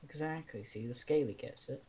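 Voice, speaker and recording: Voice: mid-range voice, moderate pace, a little mellow. A gamer chatting casually with friends while playing, sweary, joking and rambling. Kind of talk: casual gaming chat.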